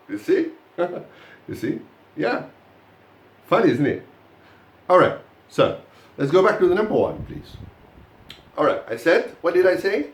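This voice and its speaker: A male teacher talks through a pronunciation lesson in front of his class. His pitch swings widely as he quizzes the students, and he fills his talk with "uh" and "you know". The room gives the voice a noticeable echo. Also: a little slow, pauses often. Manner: animated, addresses students directly with many fillers.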